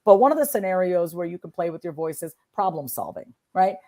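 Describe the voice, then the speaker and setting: This Long Island, New York woman has a lowish voice and a brisk delivery. Appearing as an author and guest in a relaxed interview, she gets expressive and demonstrates sample tones of voice while explaining.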